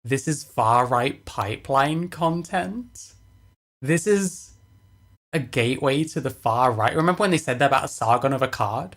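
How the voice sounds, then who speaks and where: A woman reacting to a video on stream, sarcastic, swearing and dismissive in casual commentary. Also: very deep voice.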